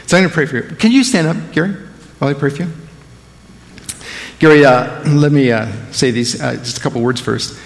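Gravelly preacher in an echoing church. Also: male voice, a little high, a little fast, pauses often. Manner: dramatic shifts between loud emphasis and hushed quotes. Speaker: guest preacher. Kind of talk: sermon and prayer. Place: church sanctuary.

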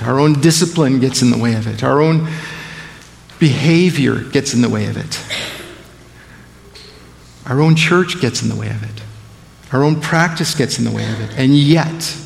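A man preaching a sermon and praying over a congregation, swinging between loud emphatic lines and hushed, intimate phrases. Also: mid-range voice, creaky, in a large hall. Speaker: guest preacher. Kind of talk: sermon and prayer. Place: church sanctuary.

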